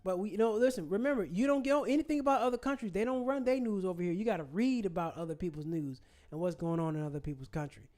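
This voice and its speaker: A man's voice: high-pitched, fast talker, few pauses, a little mellow. A man hosting his own channel, ranting in a fired-up, preachy way and repeating phrases for emphasis. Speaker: channel host. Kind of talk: ranting commentary vlog.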